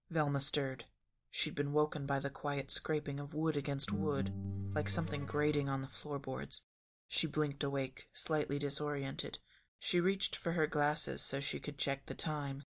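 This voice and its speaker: A woman storyteller reading a story aloud in a calm, even narration. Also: sits low.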